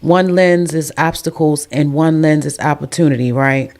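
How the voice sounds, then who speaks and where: A woman's voice: low voice, normal speed, darkish tone. A woman hosting a podcast who talks in an emotional, effusive way with churchy phrasing. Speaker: podcast host. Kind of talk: casual chat.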